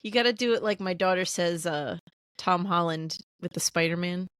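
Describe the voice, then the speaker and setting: A middle-aged woman co-hosting a podcast in casual chat, bubbly and quick to laugh. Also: on the low side, a bit bright, clear, resonant tone, no room sound, clean studio sound. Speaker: podcast co-host.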